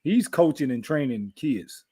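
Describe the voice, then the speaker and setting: A man's voice: mid-range voice, expressive, unhurried, dark tone, breathy edge. A man in his thirties co-hosting a podcast, chatting casually about sports, boastful and trash-talking, repeating his lines. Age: 30s. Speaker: podcast co-host.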